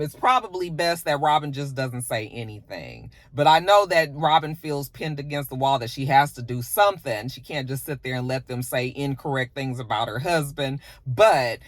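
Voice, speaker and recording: A man's voice: a little high, fairly bright tone, no echo, clean studio sound. Chatty man recapping with sass. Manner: chatty, sassy retelling with acted-out quotes. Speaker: reality TV recap host. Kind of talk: casual recap monologue.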